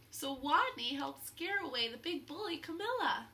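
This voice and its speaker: A woman reading a children's picture book aloud, pausing to explain the story to young listeners. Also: sits high, animated, pushed and bright. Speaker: storybook reader. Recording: roomy echo, faint hum.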